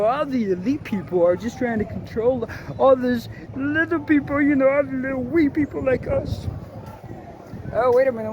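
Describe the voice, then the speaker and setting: A high-voiced man rambles cheerfully to his viewers while strolling through town. Traffic and city noise hum loudly around him the whole time, like a handheld street recording. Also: rough recording. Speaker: vlogger. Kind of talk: casual walking vlog.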